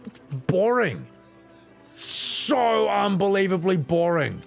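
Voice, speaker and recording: A man's voice: sits high, slow, creaky. Guy, young, game streamer, casual rambling, swears a lot, faint game music behind. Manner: rambling, swearing, animated rants. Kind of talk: casual live-stream commentary.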